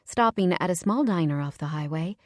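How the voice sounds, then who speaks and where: A woman narrating a romance audiobook in the first person, with warm, steady storytelling. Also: on the low side, brisk, no echo, clean studio sound.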